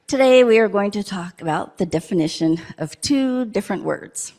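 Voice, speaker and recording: A woman's voice: medium pitch, lively intonation, moderate pace, darkish tone. A woman in a church service telling a playful story to children, asking them questions as she goes. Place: church sanctuary.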